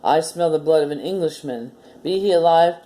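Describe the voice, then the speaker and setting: Grumbling, roaring giant, as a woman puts him on in a storybook; low, dark and booming. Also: moderate pace, natural voice. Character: huge grumbling man-eating giant.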